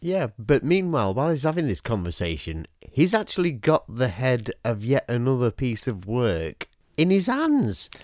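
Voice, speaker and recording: Dry witty podcast guy, expressive up-and-down voice, close dry mic. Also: mid-range voice, normal speed, few pauses, dry recording. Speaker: podcast co-host. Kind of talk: casual film discussion.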